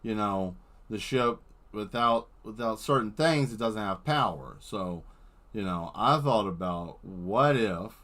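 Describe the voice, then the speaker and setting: A man chatting casually while he paints live on stream, rambling and playful, sometimes getting excited as he tells a story. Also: fairly low pitch, slow pace.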